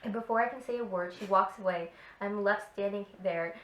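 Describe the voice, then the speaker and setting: A woman's voice: mid-range voice, a little fast. A young woman reading her childhood fan fiction aloud, laughing and playfully dramatic. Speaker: co-host. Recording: echoey room.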